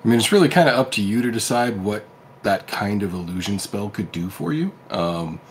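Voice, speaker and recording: A man's voice: lowish voice, lively intonation, fairly quick, very noisy. A man acting as dungeon master, explaining rules patiently with lots of fillers and narrating the action.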